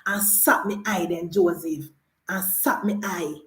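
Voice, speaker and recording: A woman's voice: on the low side, a little slow, fairly bright tone, roomy sound, soft background music. A Jamaican woman delivering an impassioned political rant as a commentator, fiery and mocking, hammering her points with repeated rhetorical questions. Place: indoors, filming herself for social media.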